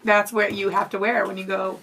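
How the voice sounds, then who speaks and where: A woman's voice: medium pitch, level tone, vocal fry, a bit bright, a little hiss or hum, poor audio. A woman co-hosting a radio show, teasing the host in casual banter. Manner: teasing, quick to laugh. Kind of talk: casual studio chat. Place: radio studio.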